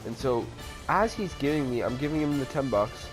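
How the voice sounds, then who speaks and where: A man's voice: medium pitch, lively intonation, normal speed, music in the background. A man casually telling a personal story over gameplay footage, rambling and swearing, with frequent restarts and fillers. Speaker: storytime vlogger.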